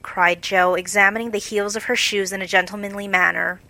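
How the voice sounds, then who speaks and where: A woman narrating an audiobook in a measured storytelling manner. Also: medium pitch, fairly even intonation, sharp tone, no echo, poor audio. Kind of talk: scripted narration.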